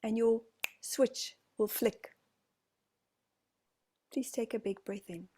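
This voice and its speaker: A woman with a New Zealand accent leading a channeled group session, speaking slowly and formally as "we". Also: fairly high pitch, slightly rough. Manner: slow, soft, formal speech speaking as "we".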